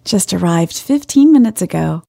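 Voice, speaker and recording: A woman's voice: lowish voice, lively intonation, normal speed, creaky, dark tone, no echo, studio quality. A woman voicing a bold, playful, flirtatious sister with a bossy, teasing manner.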